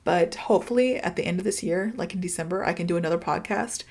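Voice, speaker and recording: A woman's voice: on the low side, quick pace, a little mellow. A woman in her thirties from the United States, hosting a podcast and speaking candidly in a confiding, casual way, with lots of "like" and "you know". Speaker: podcast host and English teacher.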